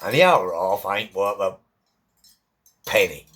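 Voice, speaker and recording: A man's voice: sits low, animated, measured pace, a bit bright. Jokey, rambling man. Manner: chatty, jokey, wandering asides. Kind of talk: rambling casual monologue.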